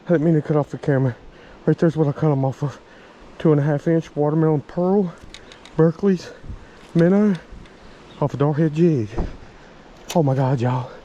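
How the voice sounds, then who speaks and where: A man from Virginia, narrating his fishing outdoors by a creek, excitable and chatty with viewers. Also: a little high, normal speed, pauses often, muffled recording. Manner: excitable, exclaiming, talks to viewers as y'all. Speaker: fishing vlogger. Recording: faint stream and outdoor noise.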